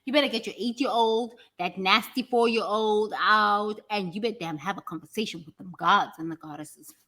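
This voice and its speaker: Woman, spiritual teacher type, animated and blunt, bright forceful tone. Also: mid-range voice, moderate pace, slight background noise. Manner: animated, blunt, swears freely, acts out other people's words. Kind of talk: casual motivational teaching talk.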